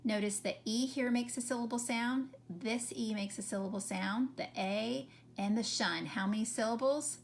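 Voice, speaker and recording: A woman teacher leading a children's phonics lesson, slowly sounding out words and counting syllables. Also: on the high side, vocal fry, slight background noise. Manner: slow, carefully sounding out words.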